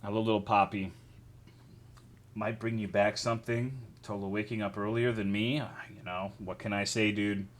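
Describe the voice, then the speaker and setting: A man's voice: fairly low pitch, level tone, moderate pace. A man streaming live, chatting casually with his chat, greeting viewers and swearing a lot while joking around.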